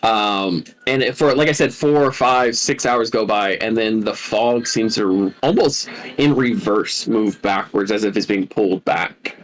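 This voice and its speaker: A man running a tabletop game as dungeon master, narrating slowly with many fillers. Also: lowish voice. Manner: slow, searching narration with fillers.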